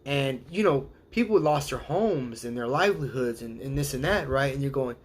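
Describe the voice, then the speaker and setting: A man hosting a live show, talking in a casual, animated monologue and slipping into quick voices of the people he quotes. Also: medium pitch. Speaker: host.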